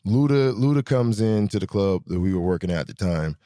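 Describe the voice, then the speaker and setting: A man hosting his own show, telling stories in a slangy, animated way, swinging between excited high bits and low asides. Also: fairly quick. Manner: slangy, swearing, self-correcting. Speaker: podcast host. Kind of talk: casual storytelling monologue.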